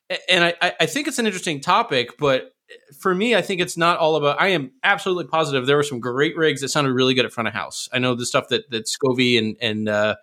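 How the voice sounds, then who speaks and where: A man's voice: mid-range voice, bright, forceful tone. A man, a system engineer, talking shop in a casual panel discussion, thinking aloud with frequent restarts. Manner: fast, thoughtful, with frequent restarts.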